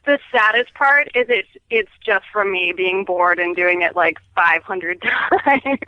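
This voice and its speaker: A woman's voice: mid-range voice, animated, unhurried, bright, forceful tone, no room sound. A woman calling in to a show, chatting casually and laughing at herself often. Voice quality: giggly, self-deprecating. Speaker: caller. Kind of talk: casual phone-in chat. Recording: dull lo-fi phone line.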